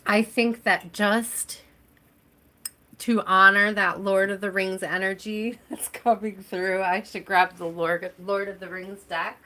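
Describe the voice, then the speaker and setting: A woman reads tarot live for her viewers in a loose, chatty way, calling people by name as she goes. Her voice is bright and forward, and she takes her time, letting her words come out unhurried. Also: medium pitch, steady tone. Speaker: tarot reader hosting a live stream. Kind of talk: live tarot reading, casual chat.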